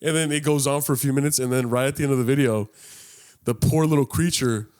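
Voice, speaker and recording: A man's voice: steady tone, fast, a little mellow, clear, resonant tone. A man co-hosting a podcast in casual chat, with a laid-back, slangy way of talking. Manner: laid-back, slangy, breaks into high-pitched laughter. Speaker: podcast co-host.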